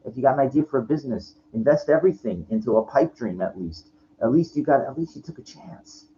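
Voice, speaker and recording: This forties-aged man has a warm, animated mid-range voice and a quick pace as he rants profanely to his vlog camera. Frustrated asides and frequent restarts make it rambling, and the lo-fi recording has a faint layer of background noise.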